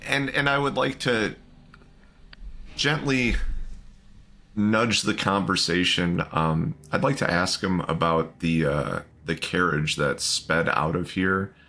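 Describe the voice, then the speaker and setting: Deep-voiced hesitant tabletop player. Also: male voice, bright, forceful tone. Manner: hesitant, full of ums and halting restarts. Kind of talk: playing a character in a tabletop game.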